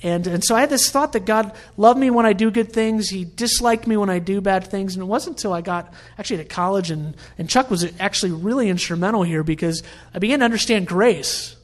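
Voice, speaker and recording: A man's voice: high voice, fairly quick. A middle-aged man preaching a sermon in a conversational, storytelling way. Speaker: pastor.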